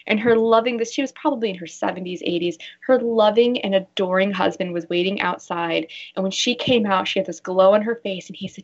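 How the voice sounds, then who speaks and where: A woman's voice: mid-range voice, normal speed. A woman guest expert on a radio show, talking earnestly and acting out the voices she quotes. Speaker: guest expert, bra fitter. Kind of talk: casual radio interview. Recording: dull lo-fi sound.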